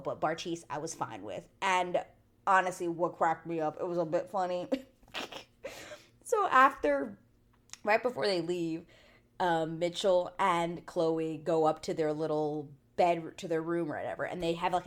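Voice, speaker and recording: Chatty, lower-voiced woman recapping TV. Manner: chatty, many "like" fillers, blunt swearing. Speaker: TV recap channel host. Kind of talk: casual recap vlog.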